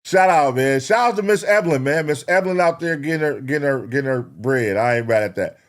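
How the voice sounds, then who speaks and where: A man's voice: medium pitch, fast. A man hosting a reaction show, rambling casually and cursing as he talks to his chat.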